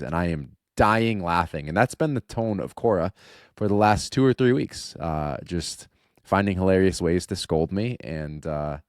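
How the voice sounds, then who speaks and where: A man's voice: sits low, moderate pace, no echo, clean studio sound. A man in his thirties co-hosting a podcast, telling an earnest family story in casual chat. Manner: earnest storytelling, animated when quoting. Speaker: podcast co-host.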